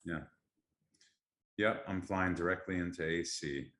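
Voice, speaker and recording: Podcast host, male, deep and bright, enthusiastic, echoey room. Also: steady tone, measured pace. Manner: upbeat, enthusiastic. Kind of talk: casual podcast chat.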